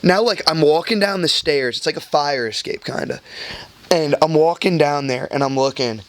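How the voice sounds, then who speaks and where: Young guy on a podcast, kinda high voice, rambling party story, says like a lot. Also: lively intonation, normal speed, a little hiss or hum. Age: young adult. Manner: rambling, swears a lot, heavy "like" filler. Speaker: podcast co-host. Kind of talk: casual storytelling chat.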